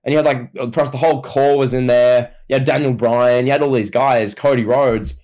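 A man's voice: medium pitch, fairly even intonation, a little fast, a little mellow. A man co-hosting a podcast in casual chat, rambling with restarts and fillers. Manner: rambling, repeats words, fillers. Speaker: podcast co-host.

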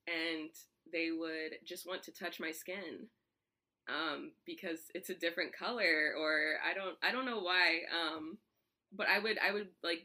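A woman chatting as a guest, talking freely with lots of fillers and laughs. Her voice is bright and forceful and sits slightly low. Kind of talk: casual chat.

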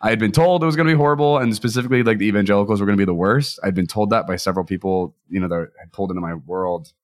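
A man in his thirties, a podcast guest, candidly recounting personal experiences as an earnest, animated storyteller who acts out quoted voices. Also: on the low side, very fast.

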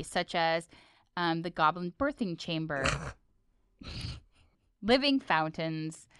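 Lively, clear-voiced woman co-host. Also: medium pitch, dry recording, clean studio sound. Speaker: podcast co-host. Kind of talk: casual episode recap chat.

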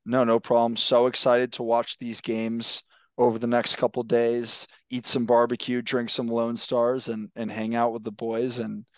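A man's voice: mid-range voice, completely flat delivery, unhurried, no room sound. A young man hosting a casual sports podcast, talking loosely, often repeating his words as he goes. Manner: laid-back, swears casually. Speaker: podcast host.

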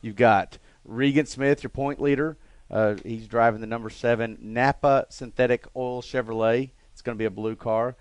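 Host: man, mid-pitched, joking, quick banter. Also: clear, resonant tone, no room sound. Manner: joking, animated, teasing. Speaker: podcast host. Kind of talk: casual chat.

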